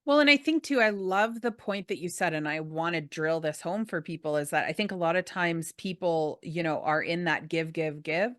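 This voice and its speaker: A woman's voice: lowish voice, normal speed, hardly any pauses, no room sound, studio quality. A woman hosting a business podcast, chatty and easygoing as she builds on her guest's points. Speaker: podcast host. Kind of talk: casual interview talk.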